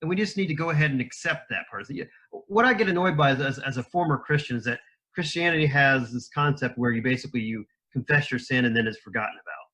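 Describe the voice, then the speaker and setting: Bright-voiced joking podcast guest, a man. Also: mid-range voice, fast talker. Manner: animated, jokey, acts out little scenes. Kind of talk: casual chat.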